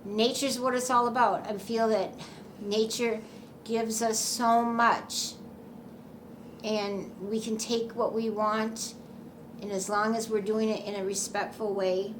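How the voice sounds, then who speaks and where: A woman's voice: on the high side, little pitch movement, takes it slowly. Woman telling her own story, earnest and emotional, lots of restarts, faint hiss behind. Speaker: doll maker and memory care worker. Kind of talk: personal storytelling to camera.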